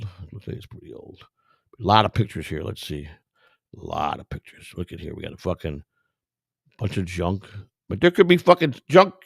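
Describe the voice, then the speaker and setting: A man's voice: fairly low pitch, creaky, no room sound, studio quality. A middle-aged man hosting a vlog, giving casual, rambling, profane commentary in a streetwise way. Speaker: vlog host browsing storage auctions.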